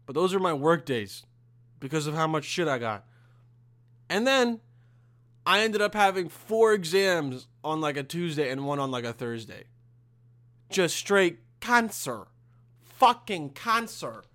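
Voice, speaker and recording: A young adult man with a fairly high voice hosts his own podcast, ranting casually to the camera. His talk is profane and rambling, punctuated by loud bursts of exasperation.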